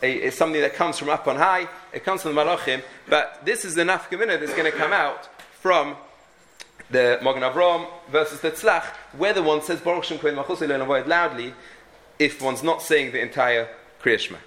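A man's voice: a little high, fairly quick, sharp tone. A man teaching a halachic lesson, thinking aloud with frequent restarts and many Hebrew and Yiddish terms. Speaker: Torah teacher.

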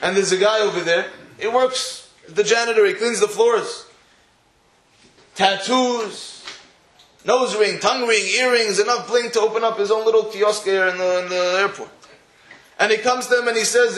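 A man's voice: high-pitched, moderate pace, a bit bright, roomy sound. Man telling a story in a sermon. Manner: storytelling, acting out the dialogue. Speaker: rabbi giving a talk.

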